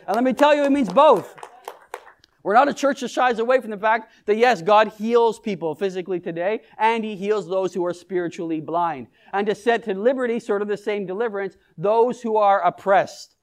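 High-voiced pastor preaching conversationally. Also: male voice, moderate pace. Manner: engages the congregation with questions and humor. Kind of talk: conversational sermon.

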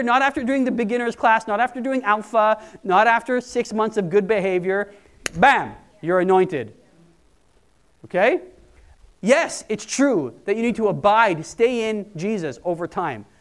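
A man's voice: high-pitched, smooth. A man preaching a sermon in a conversational, emphatic way. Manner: conversational, emphatic, quoting people in put-on voices. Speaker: pastor.

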